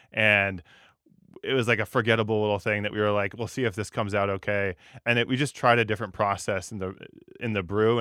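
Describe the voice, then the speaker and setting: A man talks casually about his work, relaxed and chatty, full of fillers. The sound is close and dry. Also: lowish voice, smooth, no echo. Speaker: brewery co-founder. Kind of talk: casual podcast conversation.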